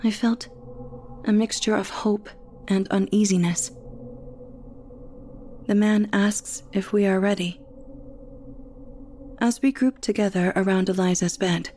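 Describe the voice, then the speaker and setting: A woman reading a horror story aloud as the narrator, in a slow, hushed storytelling manner. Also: mid-range voice, fairly even intonation, a little hiss or hum.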